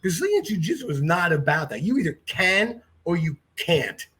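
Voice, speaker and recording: Man, high-pitched voice, podcast guest, animated storyteller, joking. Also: normal speed, husky. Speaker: podcast guest, jiu-jitsu black belt. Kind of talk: casual interview storytelling.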